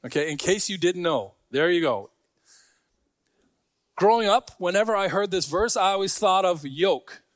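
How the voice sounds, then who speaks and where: A man's voice: high voice, lively intonation, normal speed, long pauses, no echo, studio quality. A man preaching a sermon to a congregation, talking in a conversational way with joking asides. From Scarborough. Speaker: pastor.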